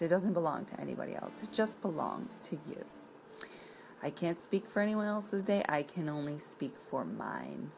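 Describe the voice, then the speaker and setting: A woman's voice: low voice, big pitch swings, moderate pace, gravelly, darkish tone, slight background noise, rough recording. A woman in her thirties from the area, chatting casually and bluntly, rambling and swearing now and then. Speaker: vlogger presenting a coloring page. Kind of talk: casual chat.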